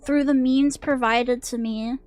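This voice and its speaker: Here a woman VTuber plays a horror game on stream, chatting loosely, startling easily, and swearing as she jokes with her audience. Her voice is high, and the recording has no echo.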